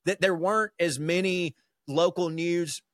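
A man with a Southern American accent co-hosts a casual comedy podcast, adding wry, quick jokes. His voice sits slightly high. The sound is close and dry. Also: no echo. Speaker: podcast co-host.

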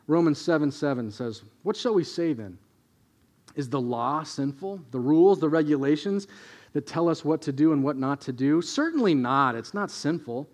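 A man preaching a sermon as a pastor, telling stories and moving between hushed asides and emphatic points. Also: on the high side, expressive, moderate pace.

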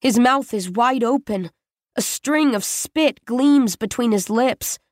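Audiobook narrator, woman, steady unhurried read, brightish register. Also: fairly high pitch, no echo, studio quality. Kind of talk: first-person scripted story narration.

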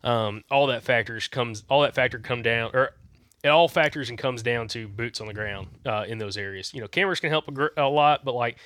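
Quick-talking man, easygoing. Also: mid-range voice, fairly bright tone, no room sound. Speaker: podcast co-host. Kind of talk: casual podcast chat.

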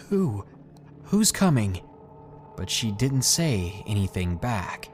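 A man hosting a podcast, narrating a scary first-person story in a hushed, suspenseful way. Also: on the low side. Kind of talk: scripted horror story narration.

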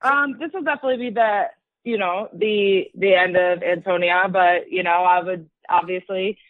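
A woman's voice: medium pitch, fairly even intonation, moderate pace, no room sound. A woman fighter chatting casually in an interview, rambling with lots of likes and you-knows. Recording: dry, tinny phone-like line.

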